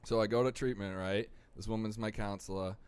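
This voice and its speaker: A young man telling his recovery story in casual talk, animated and acting out the people he quotes. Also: lowish voice, a little fast, clear, resonant tone. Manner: animated, acts out quoted voices. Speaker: podcast guest.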